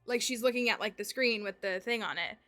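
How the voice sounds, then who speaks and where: A woman streamer telling a story in casual chat, animated and full of "like" fillers. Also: on the high side, fairly quick, soft background music. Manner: animated, heavy use of "like" fillers.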